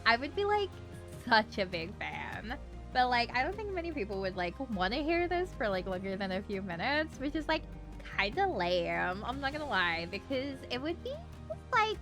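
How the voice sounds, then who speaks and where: Brief: woman streamer, playful put-on Valley Girl drawl, sing-song swoops, high and sparkly. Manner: exaggerated Valley Girl voice, many "like"s; lively and playful, swears often. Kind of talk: casual livestream chat.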